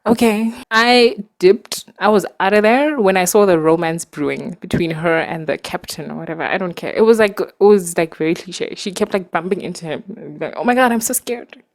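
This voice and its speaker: A woman talking casually about books to her viewers, animated and exasperated, with lots of fillers and laughs, recorded in a dark room at night. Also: fairly low pitch, normal speed, few pauses. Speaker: booktuber. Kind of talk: casual ranting book review.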